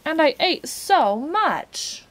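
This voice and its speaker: Storybook boy, earnest and curious, a woman reading him, lively high voice. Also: moderate pace, rough recording. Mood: puzzled. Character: eager hungry young boy.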